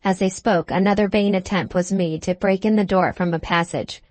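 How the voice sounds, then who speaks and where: A woman reading a classic novel aloud as an audiobook narrator, in a measured, dramatic manner. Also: mid-range voice, fairly even intonation, darkish tone, no echo. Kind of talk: scripted narration.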